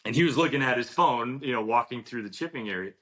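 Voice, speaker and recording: A man from New Jersey, a golf professional, telling an animated anecdote in an interview and acting out the dialogue. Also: mid-range voice, quick pace. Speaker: golf professional, podcast guest. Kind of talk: storytelling interview.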